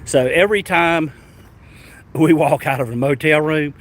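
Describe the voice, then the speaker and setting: A man with a Southern US accent, telling a travel story to his vlog audience in a rambling, animated way with stammered restarts. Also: fairly high pitch, measured pace. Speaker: travel vlogger. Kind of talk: casual storytelling.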